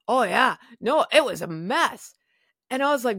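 Animated woman telling a story. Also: on the high side, moderate pace, no room sound, clean studio sound. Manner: animated, swearing, acts out her own past words. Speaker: podcast guest sharing her story. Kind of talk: casual storytelling.

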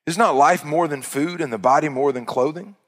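A man's voice: on the high side, fairly quick, big-room sound. A man preaching a sermon in an earnest, emphatic way, stressing points through repetition.

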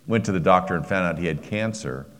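Deep voiced middle-aged preacher guy, heartfelt story, stumbles and restarts a lot. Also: quick pace, a bit bright. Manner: personal, emotional storytelling with frequent restarts. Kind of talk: sermon storytelling.

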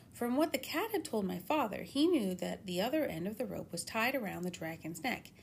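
A woman narrating a children's storybook in an expressive, animated way. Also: mid-range voice, gravelly, slight background noise. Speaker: audiobook narrator.

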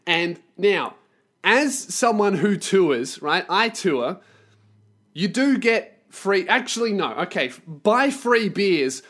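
A man with a slightly higher voice, telling a story on his podcast. He rants in a profane, sarcastic way. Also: fairly bright tone. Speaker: podcast host and touring performer. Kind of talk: storytelling rant.

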